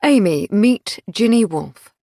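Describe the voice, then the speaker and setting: A woman's voice: medium pitch, lively intonation, slow pace, vocal fry, mellow, no echo, studio quality, voice pushed up, heavily acted. Woman narrator doing a jovial male detective. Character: cheerful male detective colleague. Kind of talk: audiobook narration.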